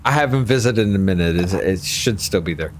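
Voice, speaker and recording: A man's voice: sits low, expressive, fairly quick, a little hiss or hum. A tipsy man, hosting a casual conversation, arguing emphatically and swearing freely. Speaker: host.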